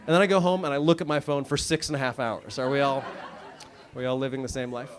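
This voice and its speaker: His mid-range voice stays fairly even in intonation as he talks fast through a stand-up set. He's an American man in his thirties at a comedy club, wry and self-deprecating in a conversational way, with audience laughter behind him.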